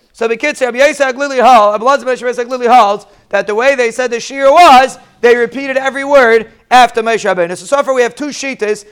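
A man's voice: very high voice, a bit bright, clean tone. A man giving a daily Talmud lesson, explaining step by step and repeating key lines. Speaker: Talmud teacher.

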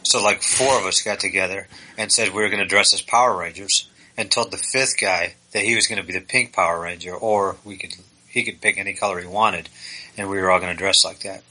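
A man co-hosting a podcast, telling absurd stories in a deadpan, joking way. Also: sits low, brisk, low-quality recording. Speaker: podcast co-host. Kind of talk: casual podcast chat.

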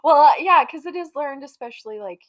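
Woman, middle-aged, podcast co-host, casual chat, high pitched, lively, laughs easily. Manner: chatty, quick to laugh.

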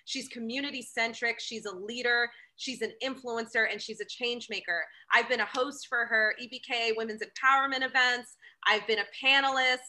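A woman's voice: a little high, steady tone, normal speed, hardly any pauses, bright, forceful tone, low-quality recording. A woman guest on a podcast, a business founder, talking in an enthusiastic, upbeat and praising way. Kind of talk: casual podcast chat.

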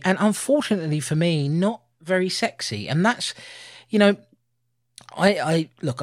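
A man in his thirties co-hosting a casual film review podcast, animated and laughing often. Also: on the high side. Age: 30s. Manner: animated, laughing, puts on voices for quotes. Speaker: podcast co-host.

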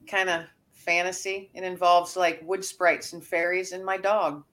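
Brief: woman author guest, lowish bright voice, chatty and earnest storyteller. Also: fairly even intonation, a little slow. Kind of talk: casual podcast interview.

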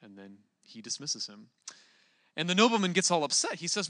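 A young man preaching a relaxed, conversational sermon, with plenty of fillers and restarts. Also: fairly high pitch, brisk, big-room sound.

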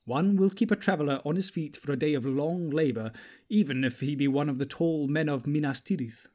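Man putting on high, lilting elves. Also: brisk, mellow, natural voice. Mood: earnest. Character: merry, gracious elves speaking together.

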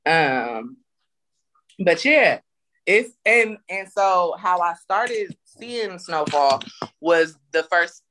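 A woman co-hosting a casual chat, telling animated, profane stories. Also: on the low side, drawn-out words. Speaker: podcast co-host.

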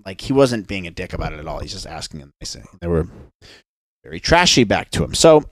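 A man's voice: deep voice, very animated, a little fast, no room sound, studio quality. A young man, a podcast host, telling a story in a rambling, sarcastic casual chat. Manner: rambling, sarcastic, mocks others in put-on voices.

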